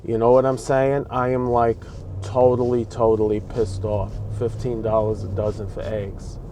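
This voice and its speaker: A man's voice: medium pitch, little pitch movement, moderate pace, dark tone. Aggravated New York man ranting while driving. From New York, Bronx. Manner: aggravated, ranting, talks back at traffic. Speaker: vlogger. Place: inside a car on city roads. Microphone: dash-mounted camera. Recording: faint road noise inside a car. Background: traffic and street noise.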